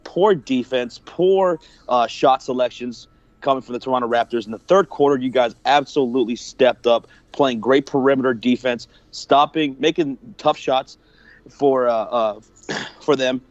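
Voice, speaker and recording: A man's voice: medium pitch, moderate pace, dry recording. Chill guy calling in to break down the game, muffled dry call audio. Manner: friendly, relaxed, says man and brother a lot. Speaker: caller, sports streamer. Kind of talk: casual sports analysis.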